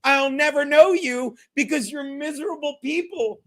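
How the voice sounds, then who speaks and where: A man's voice: very high-pitched, normal speed, a bit bright. A man hosting a podcast, chatting casually and telling stories in a brash, profane way, often mimicking other people. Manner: brash, profane, storytelling with quoted voices. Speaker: podcast host. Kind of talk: casual chat.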